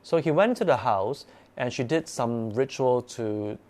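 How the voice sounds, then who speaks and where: A man recounts an eerie experience in a relaxed, conversational way. He talks with lively animation and often repeats words as he builds the tale. His voice sits at a middle pitch. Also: a little slow. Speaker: guest storyteller. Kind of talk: casual spoken ghost story.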